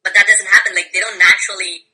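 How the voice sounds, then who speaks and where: A man's voice: high-pitched, little pitch movement, fast, bright, forceful tone, rough recording. A man calling in to give a casual, hesitant opinion on an online debate. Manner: hesitant, filler-heavy. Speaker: caller.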